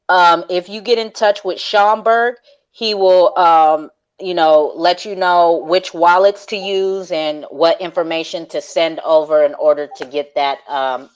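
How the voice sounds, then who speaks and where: A man's voice: on the high side, clear, resonant tone, dull audio. A man hosting a live online audio call, talking in hyped, slangy casual chat, laughing often and swearing freely. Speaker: host.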